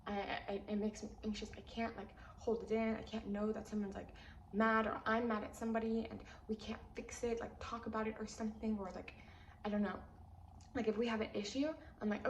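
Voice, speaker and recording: A young woman telling an emotional personal story in a rambling way, full of "like", and her voice jumps up high when she vents. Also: little pitch movement, a little fast. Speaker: vlogger. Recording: echoey room with faint hiss.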